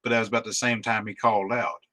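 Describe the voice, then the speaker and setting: A man's voice: lowish voice, little pitch movement, quick pace, sharp tone, no echo. A man narrating as the game master of a tabletop role-playing game, describing scenes in an easygoing way.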